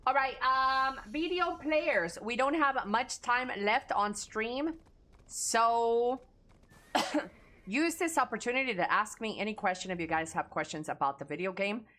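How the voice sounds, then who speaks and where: Unhurried woman streamer with a lively pitch. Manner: reads chat aloud and answers casually, swearing freely. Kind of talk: casual live-stream chat.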